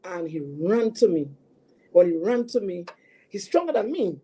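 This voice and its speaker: Dark, husky-voiced woman telling her story. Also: on the low side, big pitch swings. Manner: earnest, halting, repeats herself. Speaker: guest sharing a personal story. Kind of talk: emotional personal testimony.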